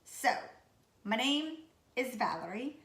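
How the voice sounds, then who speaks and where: A woman in her late thirties from Louisiana, with a Louisiana accent, who sounds raspy and sick, chatting casually and goofily to camera about herself. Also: fairly high pitch, big pitch swings, takes it slowly, a bit bright, roomy sound. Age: 30s. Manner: goofy, chatty. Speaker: vlogger. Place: room at home.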